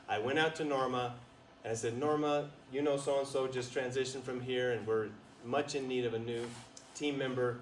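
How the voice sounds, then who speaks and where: A man telling a story at a retreat, animated, laughing often and asking the listeners questions. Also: mid-range voice. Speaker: guest speaker at a retreat. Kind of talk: storytelling talk to an audience. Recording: roomy, distant, faint noise.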